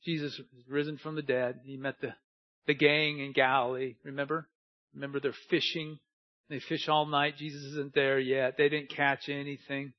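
A man preaching a sermon as pastor, swinging from loud urging to quiet, drawn-out phrases. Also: medium pitch, little pitch movement, muffled recording.

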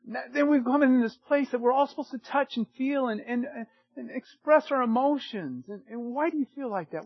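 Older male pastor, emphatic sermon delivery, high and dry, loud then hushed. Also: expressive, normal speed, breathy edge, dry recording, dull audio. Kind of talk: sermon to men.

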